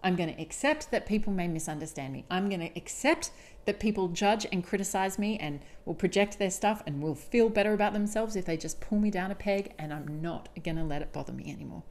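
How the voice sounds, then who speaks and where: A woman's voice: lowish voice, animated, a little fast, a little mellow. A woman hosting a solo podcast, speaking candidly and emphatically, often swearing. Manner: candid, confessional. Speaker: podcast host.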